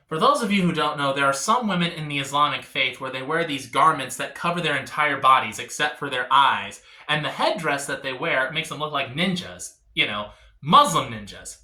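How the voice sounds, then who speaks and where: A male stand-up comedian on a live stage with a very bright, cutting voice that swings widely in pitch. He tells his bits in an animated way and dips into other voices. The sound rings in an echoey room. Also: brisk. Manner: jumps between voices, animated storytelling.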